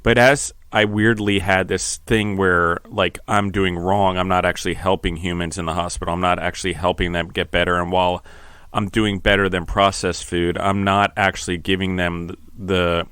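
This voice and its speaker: Deep, flat-voiced earnest man. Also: clear, resonant tone, dry recording, studio quality. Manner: earnest, halting, restarts phrases, gets emotional. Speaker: podcast host. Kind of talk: reflective interview talk.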